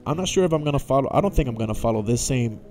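A man's voice: mid-range voice, animated, racing, darkish tone, faint music behind. A young man giving casual, jokey gameplay commentary, talking to himself and to the characters in the game. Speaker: gaming YouTuber.

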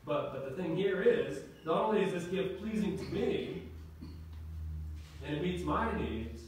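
A man preaching a sermon to his congregation, conversational and warm in delivery, often restarting his phrases. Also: sits high, expressive, unhurried, a little hiss or hum. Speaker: pastor. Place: church sanctuary. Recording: echoey hall from far off.

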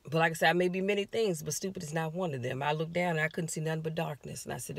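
A woman's voice: low voice, fairly quick, few pauses, no echo. An American woman, a life coach, animatedly telling her listeners a personal story from inside her car. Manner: animated, confiding, talks straight to listeners.

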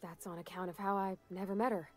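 An actress playing a shy, earnest young woman mechanic in a video game, soft-spoken and folksy. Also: medium pitch, fairly even intonation, fast talker, natural voice. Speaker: game companion character.

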